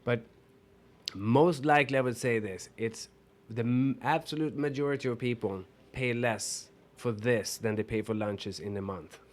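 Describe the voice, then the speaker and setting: A man's voice: mid-range voice, moderate pace. Man with a Swedish accent explaining earnestly. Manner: earnest, explanatory, repeats words for emphasis. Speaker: guest, business owner. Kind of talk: radio interview.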